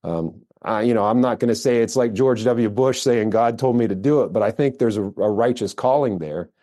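An American man, middle-aged, a firearms instructor telling his story in a relaxed interview, rambling with fillers and restarts. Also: medium pitch, normal speed. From United States. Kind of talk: casual interview talk.

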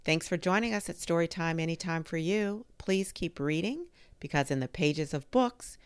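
A middle-aged woman reading a storybook aloud with a gentle, expressive manner. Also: lowish voice, normal speed, smooth, no echo. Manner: gentle, expressive reading with lively voiced quotes. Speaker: storytime reader.

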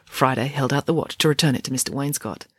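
A woman reading a children's novel aloud with lively expression. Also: fast, husky, no echo, clean studio sound. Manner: lively, voices dialogue with big pitch swings. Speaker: audiobook reader.

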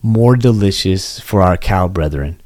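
A man co-hosting a casual podcast chat, excitable and profane, quick to riff. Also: sits low, no echo, clean studio sound. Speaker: podcast co-host.

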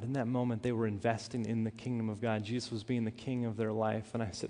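A man preaching a sermon, telling a personal story with earnest, animated delivery and frequent restarts. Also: lowish voice, fast talker, few pauses. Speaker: pastor. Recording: hall reverb.

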